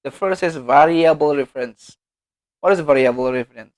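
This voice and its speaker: A man's voice: on the high side, moderate pace, a little mellow. A man with an Indonesian accent, whose first language is Indonesian, giving a recorded lecture as a teacher, explaining step by step with examples and often correcting himself.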